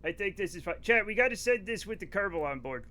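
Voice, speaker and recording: Here a man speaks at a quick pace in a high-pitched, animated voice that's pushed and bright. With his New England accent from the northeastern U.S., he chats casually on a live game stream and trades jokes with his viewers.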